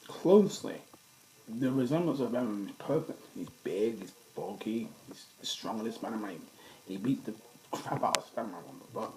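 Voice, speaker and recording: A man's voice: fairly low pitch, darkish tone, a little hiss or hum, poor audio. Man rambling about movies. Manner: rambling, enthusiastic, with restarts. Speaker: vlogger. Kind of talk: casual fan movie talk.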